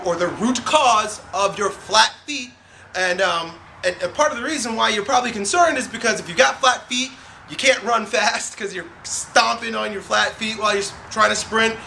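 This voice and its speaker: High-pitched gravelly man with a Long Island accent. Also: slight background noise. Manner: energetic, streetwise, loose and talkative. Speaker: strength coach and show host. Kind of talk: answering viewer questions to camera.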